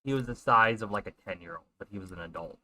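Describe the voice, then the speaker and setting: A young man casually telling a funny dream story in an animated way. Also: on the low side, crowd noise. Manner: animated, puts on quick character voices in quotes.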